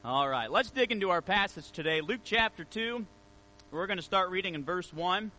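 Bright, high-voiced male pastor. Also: lively intonation, moderate pace, rough recording. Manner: storytelling, conversational with scripture reading. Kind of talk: sermon.

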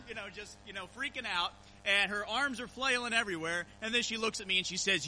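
A man preaching a sermon, telling a personal story in a relaxed, conversational way before reading scripture aloud. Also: sits high, a little fast, hardly any pauses, poor audio. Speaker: pastor.

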